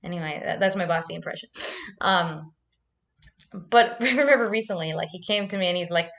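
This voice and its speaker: A woman's voice: lowish voice, fairly quick, a bit bright. Chatty young woman, swearing, laughing. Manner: chatty and loose, swears freely, laughs often. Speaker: vlogger hosting a live chat. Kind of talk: casual livestream chat.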